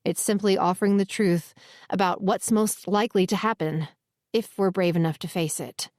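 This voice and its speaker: A woman narrating a first-person romance audiobook in a steady, earnest reading voice. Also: mid-range voice, normal speed, dry recording, studio quality.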